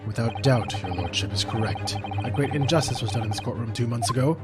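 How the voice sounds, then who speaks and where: A man voicing a cold, aristocratic male prosecutor in a courtroom game, drawling slowly and with disdain. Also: mid-range voice, loud music behind the voice, natural voice. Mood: disdainful.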